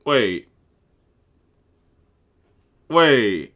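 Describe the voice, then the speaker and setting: A man giving casual reaction commentary, breaking into excitable, incredulous exclamations. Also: medium pitch, drawn-out words. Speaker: content creator.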